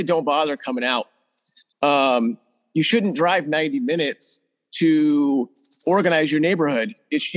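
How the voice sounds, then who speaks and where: Relaxed man in a reverberant hall. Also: fairly high pitch. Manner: relaxed, filler-heavy explaining. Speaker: guest, mutual aid organizer. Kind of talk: casual conversation.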